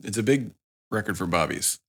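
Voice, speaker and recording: A man's voice: on the low side, expressive, fairly quick, a bit bright, husky. A man co-hosting a podcast, talking eagerly about songs and lyrics in casual chat. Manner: enthusiastic, analytical about music. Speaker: podcast co-host.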